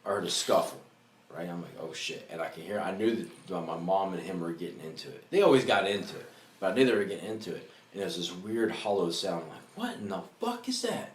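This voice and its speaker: A man co-hosting a comedy podcast, telling a story with lots of swearing in a casual, animated way. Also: low voice, fast talker, a little hiss or hum. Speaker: podcast co-host. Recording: echoey room with faint ambience.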